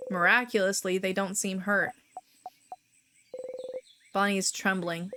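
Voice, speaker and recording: Slow, hushed woman streamer. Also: medium pitch, little pitch movement, noisy background. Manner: slow, hushed narration with reactions. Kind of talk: reading a game aloud on stream. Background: game music.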